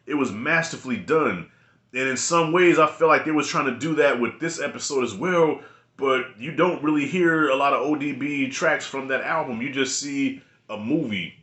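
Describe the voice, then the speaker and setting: A man's voice: medium pitch, moderate pace, a bit bright, roomy sound. A man giving a casual spoken review of a TV episode, loose and rambling, with slangy, profane talk. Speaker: video reviewer.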